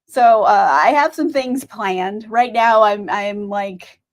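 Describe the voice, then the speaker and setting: A woman's voice: medium pitch, takes it slowly. A young woman streamer chatting casually about books, rambling, laughing often and filling her talk with "like," a bit tired. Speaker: book streamer. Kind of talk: casual livestream chat.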